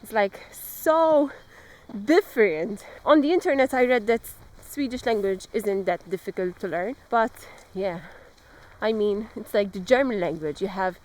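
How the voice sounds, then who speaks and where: A woman chatting casually in a travel vlog outdoors, excitable and quick to exclaim. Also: mid-range voice. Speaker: travel vlogger. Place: outdoors on a road trip.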